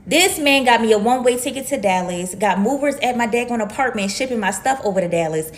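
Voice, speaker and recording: A woman's voice: fairly high pitch, lively intonation, fast. A woman content creator, telling a story to camera in a sassy, emphatic way and calling listeners "baby.".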